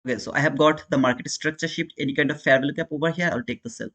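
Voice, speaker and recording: Rapid-fire and a bit bright, his voice sits on the high side. This Indian-accented day trader hosts a live trading stream, talking casually with viewers, addressing them as brother, and answering chat.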